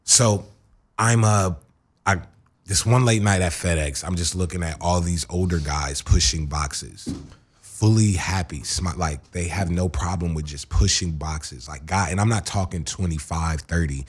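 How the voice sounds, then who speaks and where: A man with a deep, husky voice tells a long story in a radio studio. He rambles through it, swearing freely and restarting sentences as he goes. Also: measured pace. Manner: rambling, profane, with frequent restarts and fillers. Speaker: interview guest. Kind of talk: casual storytelling.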